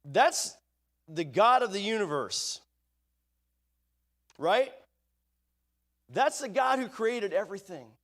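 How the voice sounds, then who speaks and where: High-voiced tinged preacher. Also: male voice, animated, slow pace, long pauses, a bit bright. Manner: conversational preaching, rhetorical questions, reads scripture aloud. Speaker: pastor. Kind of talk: sermon. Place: church sanctuary.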